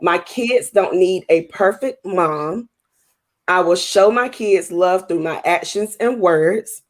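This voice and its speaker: A woman's voice: lowish voice, takes it slowly. A woman co-hosting a podcast in casual chat, laughing often and adding playful asides. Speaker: podcast co-host.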